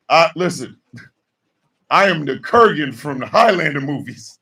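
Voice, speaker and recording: A man hosting a morning show, ranting in a fired-up monologue with shouted mock call-outs, his voice a bit off-mic. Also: on the high side, animated, measured pace, vocal fry, long pauses, recorded from a distance.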